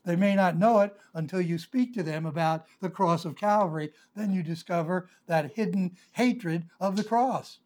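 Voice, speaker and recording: An older male pastor with a notably high voice gives a verse-by-verse Bible teaching sermon. He explains earnestly and circles back to his points, dropping in frequent "uh" pauses as he works through the text. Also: a little mellow.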